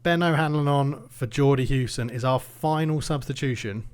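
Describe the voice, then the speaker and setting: A man commentating his own football management game, swinging between nervous muttering and excited shouting. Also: mid-range voice, normal speed, smooth. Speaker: gaming YouTuber.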